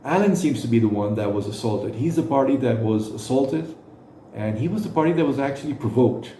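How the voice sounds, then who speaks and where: A man talks through a reaction commentary in a halting way, stopping and restarting often. His voice rings in an echoey room with faint noise underneath. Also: mid-range voice, expressive, dark tone. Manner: halting, with frequent fillers and restarts.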